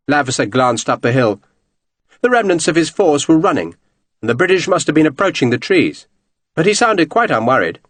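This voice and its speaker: A man's voice: mid-range voice, moderate pace, no room sound. Man narrating an audiobook dramatically. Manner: expressive, dramatic reading.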